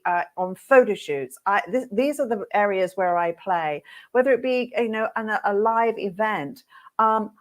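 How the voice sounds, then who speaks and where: A middle-aged woman teaching hairdressers in a webinar, telling stories with lively, acted-out reactions. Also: mid-range voice. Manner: lively, animated storyteller who acts out her own reactions. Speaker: hairdressing educator hosting a webinar. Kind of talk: webinar talk with storytelling.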